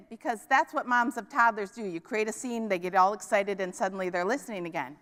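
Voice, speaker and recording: A woman's voice: mid-range voice, fast talker, few pauses, a bit bright. A middle-aged woman from Minneapolis giving a conference keynote, telling stories and often asking the audience "right?". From Minneapolis, US Midwest. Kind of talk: keynote talk. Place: conference hall stage. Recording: large hall with long reverb.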